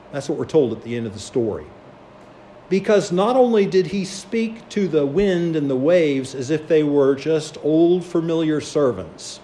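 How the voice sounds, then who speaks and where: A man's voice: on the high side, dark tone, slight background noise. A man preaching a sermon, telling a story and acting out the voices of its people. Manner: storytelling, acts out quoted voices.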